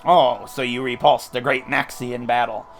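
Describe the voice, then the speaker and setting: A man doing a haughty, hushed villain boss. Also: fairly even intonation, moderate pace, faint music behind, natural voice. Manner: pompous, formal, low and hushed. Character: haughty villain team leader man, formal and cold.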